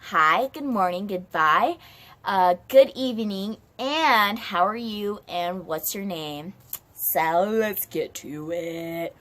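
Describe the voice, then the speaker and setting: A woman's voice: mid-range voice, takes it slowly, a bit bright, slight background noise. A woman playing a bossy female Spanish teacher in a comedy skit, giving instructions to the class. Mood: instructive.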